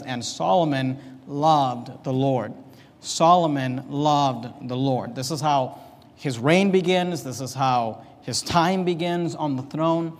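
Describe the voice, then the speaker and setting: A man preaches a verse-by-verse sermon in a fairly high voice, slowing down and repeating key words for weight. His voice carries a long reverb, as if he is in a big church sanctuary. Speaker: pastor.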